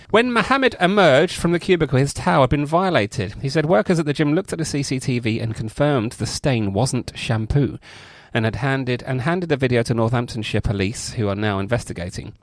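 A man's voice: medium pitch, animated, fairly quick, hardly any pauses, no room sound, clean studio sound. A man co-hosting a podcast, chatting casually and reading out odd news stories. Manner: reads a news story, putting on a rural voice for a quote. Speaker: podcast co-host.

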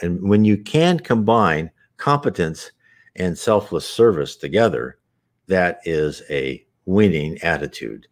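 Low-voiced guy rambling on about spirituality, earnest, lots of restarts. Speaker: spiritual talk host. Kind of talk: unscripted spiritual talk.

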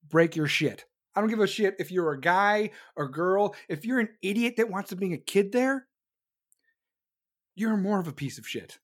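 A man's voice: fairly high pitch, moderate pace. Angry, swearing political ranter, man. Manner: angry, sarcastic, mocking. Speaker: political commentator. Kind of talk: profane political rant.

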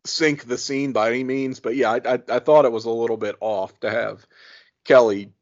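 A man's voice: mid-range voice, fairly even intonation, moderate pace. A man on a podcast chatting casually, laughing often and restarting his sentences. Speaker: podcast co-host or guest. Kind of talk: casual chat. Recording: muffled podcast audio.

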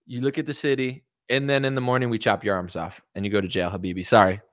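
Guy doing a sheik who flatters you then calmly threatens, soft and smooth. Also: medium pitch, quick pace, dry recording, studio quality, close to an everyday voice. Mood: menacing. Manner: sweet-talking, calm threats. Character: smooth-talking male sheik, friendly but menacing.

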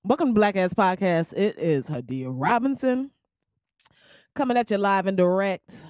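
A woman's voice: mid-range voice, unhurried, no echo, clean studio sound. Laughing, slangy woman podcast host. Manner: loud, laughing, slangy and animated. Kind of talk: casual comedic podcast monologue. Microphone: crackly podcast mic.

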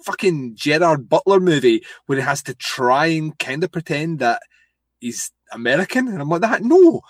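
A man co-hosting a casual movie podcast, animated and enthusiastic, swearing casually. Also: fairly high pitch, moderate pace, no room sound. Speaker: podcast co-host. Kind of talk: casual movie review chat.

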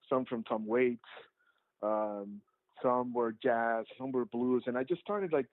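A documentary filmmaker, a man, tells his story loosely and chattily, stumbling through fillers and restarts. His voice comes through a thin, narrow, phone-like line. There is no room sound at all, and his pitch sits at an ordinary middle level. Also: no room sound. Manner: rambling, full of "like" fillers and restarts. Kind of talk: casual storytelling interview answers. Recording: tinny phone-like line, dry.

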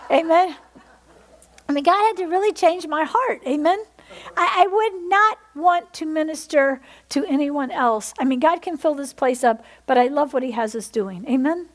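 High-voiced fervent woman preaching. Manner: fervent, repeatedly asks the congregation "Amen?". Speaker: pastor. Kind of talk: sermon.

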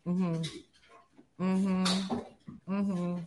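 An animated woman host in her forties with a lowish voice that swings widely in pitch. She chats casually, gasping and acting out quotes. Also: normal speed, background noise. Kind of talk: casual morning show chat.

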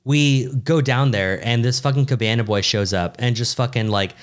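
Casting: young adult male co-host, mid-pitched, loose and profane, rambling storyteller. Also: normal speed, smooth. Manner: animated, swearing, rambling with restarts. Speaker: podcast co-host. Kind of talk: casual storytelling chat.

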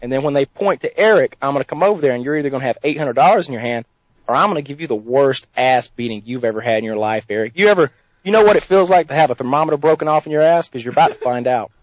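A deadpan, menacing redneck caller with a slow rural Southern US drawl, as a man puts him on for a prank call. The voice sits mid-range and sounds close and dry, with no room around it. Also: mid-range voice, no room sound, muffled recording, close to an everyday voice. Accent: Southern US rural put-on.

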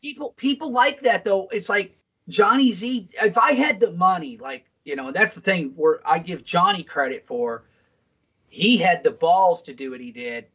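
A man's voice: high voice, animated, normal speed, fairly bright tone, husky, lo-fi sound. A man co-hosting a podcast in casual chat, talking in a rambling, profane way. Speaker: podcast co-host. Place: Saint Louis.

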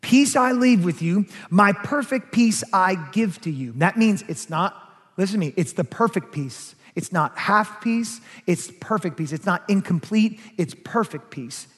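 A man's voice: high voice, expressive, measured pace, a bit bright, husky. A man preaching a sermon as pastor, emphatic, rising and falling in force. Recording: long hall reverb.

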